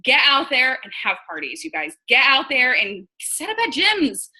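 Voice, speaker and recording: Woman, 30s, from New York, blunt and chatty team coach, bright and fairly high voice. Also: wildly swooping pitch, moderate pace, slightly rough, poor audio. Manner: chatty, blunt, acts out quoted dialogue. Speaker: direct sales team leader. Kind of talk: casual coaching talk on a live video.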